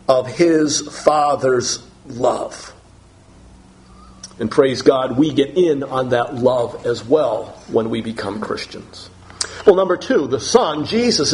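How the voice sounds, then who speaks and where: A man preaching a sermon, earnest, often repeating words and slowing down for emphasis. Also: a little high.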